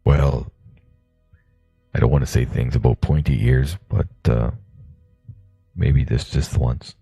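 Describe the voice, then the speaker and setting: A man's voice: a bass voice, steady tone, gravelly, warm tone, breathy edge, no room sound, clean studio sound, faint music behind. A man playing a tabletop game who stammers and halts as he talks. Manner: stammering, halting. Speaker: player.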